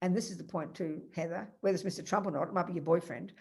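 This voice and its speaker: A woman teaching Buddhist philosophy in an emphatic, animated way, telling stories and addressing her students by name. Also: lowish voice, racing, few pauses. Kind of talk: Dharma teaching.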